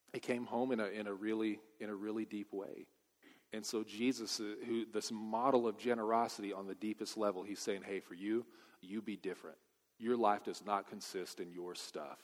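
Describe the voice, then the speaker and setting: A man, preaching a sermon with emphatic storytelling and casual asides. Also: fairly low pitch. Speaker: pastor. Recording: long hall reverb.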